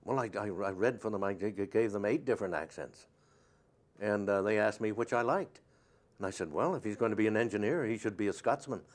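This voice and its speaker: An older man, an actor being interviewed, talking in a rambling, anecdotal way with lots of pauses and fillers. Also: lowish voice. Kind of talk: casual interview chat.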